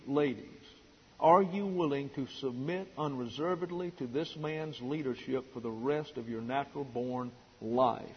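Middle-aged pastor guy preaching, kinda husky and a bit high, lo-fi sound in a big echoey hall. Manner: emphatic preaching, dwelling slowly on key words. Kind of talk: sermon. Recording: dull lo-fi recording in a reverberant hall.

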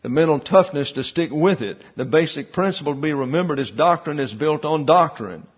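Husky man preaching a sermon. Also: on the high side, lively intonation, a little fast, dull audio. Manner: teaching with asides and rhetorical questions. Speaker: pastor.

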